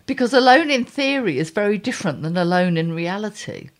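Wry, blunt woman with a lively voice. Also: medium pitch, fairly quick. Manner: wry, blunt, exasperated asides. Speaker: columnist and podcast host. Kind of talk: reading her column aloud with chat.

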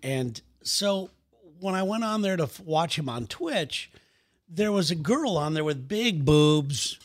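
A man's voice: a little high, lively intonation, slow pace, dry recording. A man co-hosting a chat show in a teasing, joking way. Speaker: podcast co-host. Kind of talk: casual chat.

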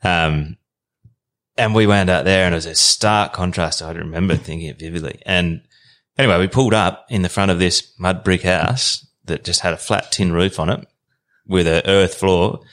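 A man's voice: low voice, moderate pace, fairly bright tone. An Australian man in his thirties, a podcast guest spinning a long rambling travel yarn in an easygoing way. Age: 30s. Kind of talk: casual storytelling.

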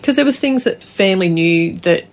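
A woman's voice: medium pitch, expressive, moderate pace. A middle-aged Australian woman, a guest author, telling her family's story in an interview with earnest emotion.

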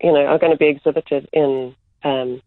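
A woman who runs art workshops, a guest explaining her approach in measured speech that slows on key words. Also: deep voice, steady tone, dry recording. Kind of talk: reflective interview answers. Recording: phone-like line, dry.

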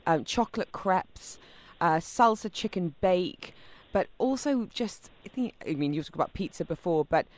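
A woman's voice: fairly low pitch, expressive, normal speed, darkish tone. A woman hosting a radio chat show, talking with gushing enthusiasm about food and camping.

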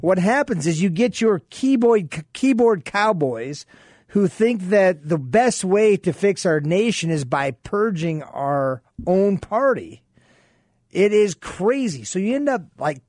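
A man's voice: high voice, darkish tone, dry recording, studio quality. A man guest-hosting a political talk radio show, telling stories and acting out quoted exchanges. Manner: storytelling, acts out quoted exchanges.

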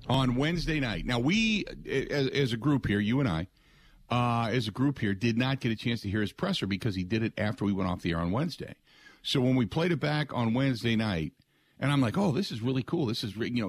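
A middle-aged man hosting sports talk radio, excitable and rambling, often putting on other people's voices. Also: mid-range voice, breathy edge, no echo. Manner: excitable, mimics voices, frequent restarts.

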